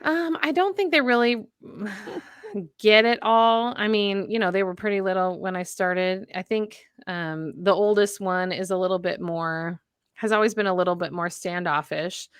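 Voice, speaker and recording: A woman in her thirties, a radio host, chatting as a podcast guest and telling stories with lively, expressive delivery. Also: mid-range voice, measured pace, smooth, no echo, clean studio sound. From United States. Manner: animated storyteller, acts out voices. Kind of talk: casual chat.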